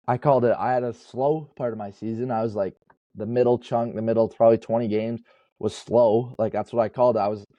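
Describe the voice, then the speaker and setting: The audio is dry and muffled as a young adult college baseball player talks in a mellow, medium-pitched voice. As a podcast guest, he chats casually and sincerely, wandering off track and fixing his own words.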